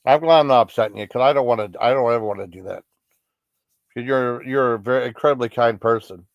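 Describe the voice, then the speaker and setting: A man's voice: medium pitch, fast talker, no echo, highs cut off. Dry, rambling male livestream host. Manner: rambling, apologetic, reassuring, full of restarts. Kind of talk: casual livestream chat with viewers.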